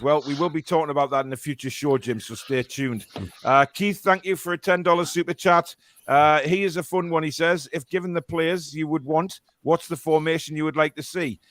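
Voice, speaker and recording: A man's voice: a little high, fairly bright tone. A man with a Geordie accent hosting a live fan show, chatting casually and rambling with plenty of fillers and restarts.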